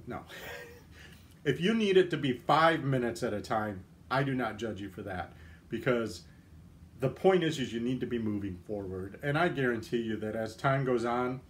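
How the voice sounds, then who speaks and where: A man's voice: medium pitch, slight background noise. A man hosting a livestream, chatting casually with viewer comments and cracking self-deprecating jokes. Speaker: livestream host.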